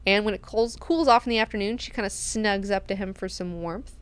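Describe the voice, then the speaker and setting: Slangy, animated woman recapping a book. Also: mid-range voice, brisk, clean tone. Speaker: book club host.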